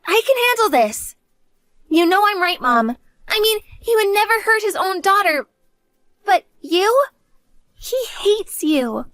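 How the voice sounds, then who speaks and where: A woman's voice: extremely high pitch, sing-song, a little slow, pauses often, fairly bright tone, dry recording, clean studio sound, heavily acted. A woman voicing an earnest, devoted college-age daughter who talks to her mother. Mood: frightened. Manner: earnest, pleading.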